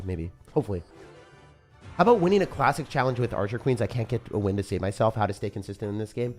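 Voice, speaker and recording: Male game streamer, low and a bit hoarse, casual play-by-play and chat replies. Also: a little mellow. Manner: casual, chatty, reads viewer comments aloud. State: rough morning voice. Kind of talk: live gameplay commentary and chat reading.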